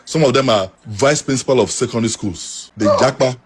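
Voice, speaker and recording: A middle-aged Nigerian man with a husky voice, telling earnest stories and pleading with his listeners. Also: mid-range voice, brisk. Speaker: interviewee. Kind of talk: emotional storytelling.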